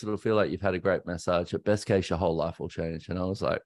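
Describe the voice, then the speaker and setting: Australian male podcast host, very low voice, dry close sound, halting candid storytelling. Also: fairly even intonation, darkish tone, dry recording. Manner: candid, halting, self-correcting. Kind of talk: personal storytelling monologue.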